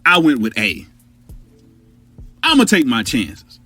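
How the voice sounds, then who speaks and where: A man telling a wild personal story on his podcast, with a husky voice that swings up and down. He talks straight to his listeners, loose and profane. Faint music plays under him. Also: mid-range voice, slow pace, no echo. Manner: animated, profane, conversational. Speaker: podcast host.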